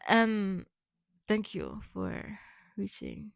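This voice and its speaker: A young woman vlogging casually, rambling with many fillers and restarts, speaking warmly affirming words to her viewers. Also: mid-range voice, wildly swooping pitch, drawn-out words, creaky, no echo, studio quality. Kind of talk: rambling personal vlog.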